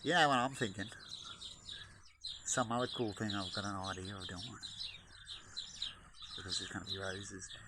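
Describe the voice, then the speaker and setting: A man chatting casually outdoors by a bird-feeding spot, rambling and breaking into high, excited baby talk to the birds. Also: normal speed, long pauses, heavy background noise. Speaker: vlogger. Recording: outdoor audio with birdsong behind. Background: birds chirping.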